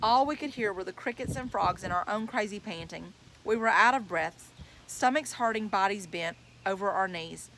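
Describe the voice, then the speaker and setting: A woman's voice: medium pitch, moderate pace, a bit bright, slight background noise. A woman reading a novel aloud, telling it in plain first-person storytelling. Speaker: reader.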